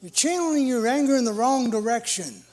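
A middle-aged man preaching a sermon in an earnest, emphatic way, with a measured delivery. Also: very high-pitched, animated, darkish tone.

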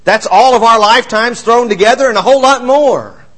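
Male preacher with a high voice, expressive sermon delivery that rises for emphasis and drops for quiet asides. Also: brisk, low-quality recording. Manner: expressive, swings between raised emphasis and quiet low asides.

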